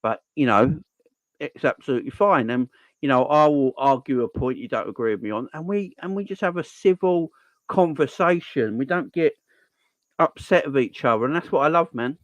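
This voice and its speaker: A man's voice: mid-range voice, moderate pace, no echo. A man hosting a football channel's live stream Q&A, chatting casually and earnestly, repeating phrases for emphasis as he makes his points.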